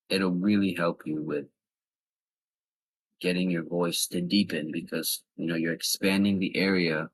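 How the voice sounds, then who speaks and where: A man's voice: sits low, slightly rough, dry recording, rough recording. A young man from the East Coast of the US giving casual advice in a vlog, talking earnestly in loose, rambling sentences. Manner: earnest, loosely structured talk with fillers. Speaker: vlogger.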